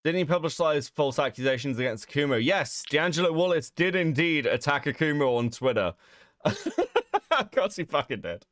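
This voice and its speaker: A man's voice: on the high side, moderate pace, no echo, clean studio sound, faint music behind. A young man co-hosting a stream, reacting casually with frequent laughs and swearing. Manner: animated, laughs often, swears freely. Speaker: streamer co-host.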